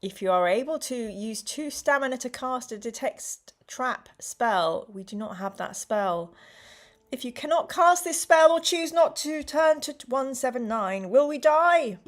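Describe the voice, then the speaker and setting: A woman's voice: high-pitched, expressive, a little slow. A woman hosting a live stream, reading a gamebook aloud to her chat in a playful, exclamatory way.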